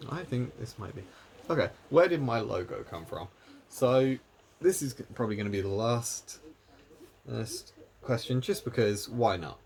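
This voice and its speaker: A man from England, chatting casually and self-deprecatingly in a solo vlog. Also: fairly low pitch. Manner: rambling, self-deprecating, laughs at himself. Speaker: YouTuber.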